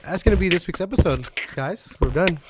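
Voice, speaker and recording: A man's voice: sits high, animated, fairly quick, noisy background. A man hosting a casual gaming podcast, joking and swearing freely as he talks. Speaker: podcast host. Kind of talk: casual chat.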